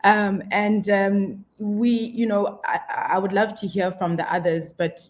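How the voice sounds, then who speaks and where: A woman's voice: medium pitch, flat delivery, unhurried. A woman speaking as a radio guest, thoughtful and hesitant with frequent ums. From South Africa. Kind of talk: reflective radio conversation.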